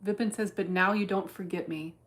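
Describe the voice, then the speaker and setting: A woman's voice: mid-range voice, steady tone, brisk. A woman streaming her day trading in casual chat, blunt and cursing freely as she thinks aloud. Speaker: livestreamer trading stocks.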